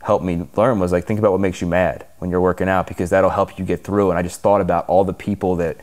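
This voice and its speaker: A man's voice: sits low, level tone, fast talker, a little mellow. A man, a fitness coach, answering interview questions in an earnest, open way with lots of "like".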